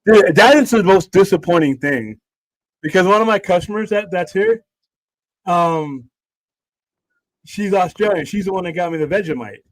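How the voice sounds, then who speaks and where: A man's voice: high-pitched, normal speed, pauses often, low-quality recording. A man hosting a charity movie livestream in casual chat, rambling and swearing freely. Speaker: livestream host.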